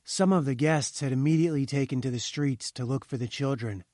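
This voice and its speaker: A man reading a story aloud, measured and slowing at grim moments. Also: medium pitch, a little mellow, no room sound, studio quality. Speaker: narrator. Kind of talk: scripted narration of a story.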